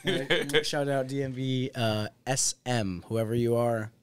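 A man hosting a casual podcast, telling stories in a lively way, acting out other people's lines and laughing often. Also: mid-range voice, measured pace. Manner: animated storyteller, acts out quotes, laughs often, swears. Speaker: podcast host. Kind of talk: casual chat.

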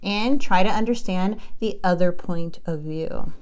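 A woman's voice: lowish voice, a little slow, darkish tone. A woman giving a casual tarot reading to her viewers in an upbeat, chatty way, often checking in with "okay?". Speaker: tarot reader.

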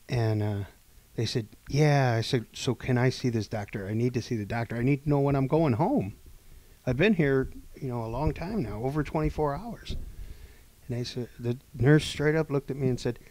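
A man on a podcast telling a long story casually, acting out the people in it and swinging between loud and hushed delivery. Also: medium pitch, a little fast, no room sound. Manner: animated, acts out quoted dialogue, swings between loud and hushed. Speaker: podcast co-host.

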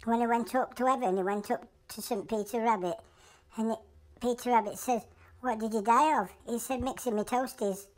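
A chirpy little creature with a Yorkshire accent rattles through a long shaggy-dog joke in a squeaky, high voice, as a woman acts it out. The delivery is rambling and matter-of-fact, like a cartoon animal doing stand-up. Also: moderate pace, lightly acted. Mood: chatty. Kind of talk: comic animal voice-over.

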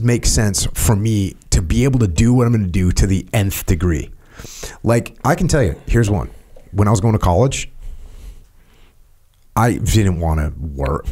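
A man on a podcast, telling stories in casual chat and acting out his own quotes with energy. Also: lowish voice. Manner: animated, acts out quotes loudly. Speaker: podcast guest.

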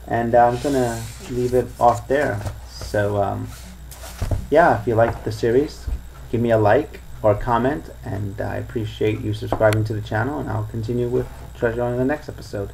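A man's voice: medium pitch, moderate pace, gravelly, a little hiss or hum, low-quality recording. Man reading a book aloud. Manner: plain, steady narration with casual sign-off. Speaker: reader of a serialized book. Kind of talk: storybook reading.

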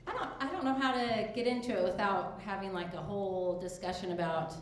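A woman's voice: mid-range voice, fairly quick. A woman in her thirties speaking as a guest on a live podcast, hesitant, with many ums. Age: 30s. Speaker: audience guest. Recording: echoey live room with faint noise, far from mic.

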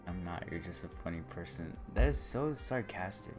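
A man's voice: deep voice, lively intonation, moderate pace, faint music behind. A man chatting casually with his viewers on a livestream, rambling and joking and talking straight to them. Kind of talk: casual live-stream chat.

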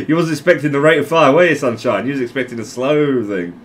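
A man giving casual, rambling commentary over a video game, joking, laughing often and breaking into loud exclamations. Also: mid-range voice, lively intonation, fast talker. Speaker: gameplay commentator.

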